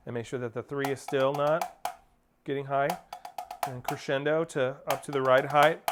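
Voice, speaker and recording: A man with a slightly high voice coaches drum rudiments, counting off and scatting rhythms with firm instructions. Loud percussion plays along under his voice. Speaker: percussion teacher. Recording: spoken over loud percussion playing.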